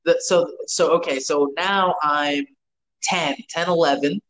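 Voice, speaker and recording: A man's voice: fairly high pitch, steady tone, measured pace, a bit bright, rough recording. A man, telling rambling, profane stories with lots of restarts in a casual chat. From New York.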